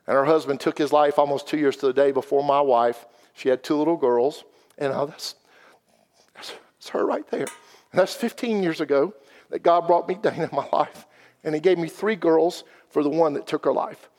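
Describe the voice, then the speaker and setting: A man from South Carolina, his voice a little high and darkish in tone, speaks briskly as a guest speaker in a church sanctuary. He gives an earnest, folksy personal testimony, and a long hall reverb trails his words.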